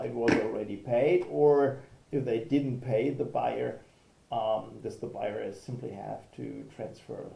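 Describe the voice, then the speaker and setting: Gravelly man lecturing. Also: medium pitch, mellow, echoey room, slight background noise, low-quality recording. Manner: explanatory, emphatic, checks in with "okay". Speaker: law professor. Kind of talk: recorded video lecture.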